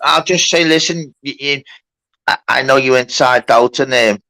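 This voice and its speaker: A man's voice: mid-range voice, normal speed, pushed and bright. Rambling laid-back man hosting a livestream. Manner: rambling, easygoing, calls people "lad" and "mate". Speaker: livestream host acting as mock judge. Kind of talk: casual livestream chat. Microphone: online stream.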